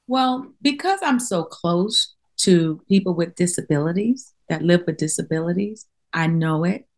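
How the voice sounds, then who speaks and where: A woman's voice: on the low side, lively intonation, measured pace, a little mellow. A middle-aged woman, a professional singer, talking as a guest in a casual interview, speaking in a heartfelt and openly emotional way.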